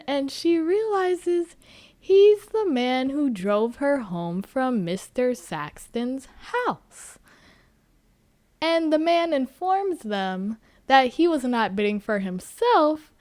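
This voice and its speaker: Slow-talking, animated woman podcast host. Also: high voice, dry recording. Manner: animated, joking, swears freely. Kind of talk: casual book recap.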